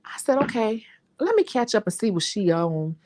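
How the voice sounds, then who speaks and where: A young adult woman with a Chicago accent, a nail technician chatting to her viewers in an animated, talkative way. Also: medium pitch, normal speed. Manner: chatty, animated storytelling, says y'all. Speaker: nail technician and channel host. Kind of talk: casual chat to viewers.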